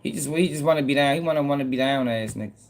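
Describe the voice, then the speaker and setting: A man's voice: mid-range voice, fast, a little hiss or hum. A man hosting casual news commentary, talking bluntly in profane slang. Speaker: host.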